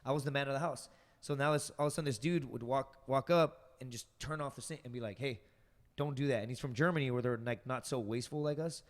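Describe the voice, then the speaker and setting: A man's voice: medium pitch, fast talker, in a large hall. A man telling stories as a podcast guest, rambling and profane, full of fillers. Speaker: podcast guest, stand-up comic. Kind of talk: casual storytelling on a podcast.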